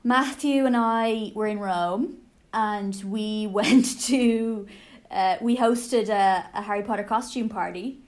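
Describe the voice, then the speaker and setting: A woman's voice: mid-range voice, slow. A woman chatting casually with friends, eager and giggly, with hesitant fillers. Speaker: podcast panelist. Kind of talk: casual chat.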